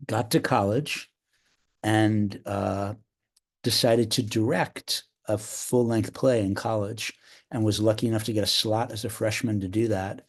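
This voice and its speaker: An older man speaks in a low register, unhurried and reflective. He restarts his phrases often and carries a slight cough from a tickle in his throat. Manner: reflective, with frequent restarts and fillers. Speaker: theater director, guest. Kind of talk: podcast interview.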